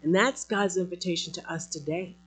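A preacher giving an emphatic sermon and closing prayer, animated with light laughs, slowing down to stress key words. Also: mid-range voice, slightly rough.

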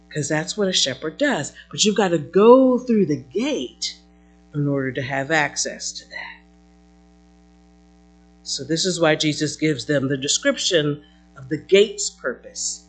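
A woman teaching a Bible passage in a lively, conversational way, breaking into playful asides. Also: low voice, husky.

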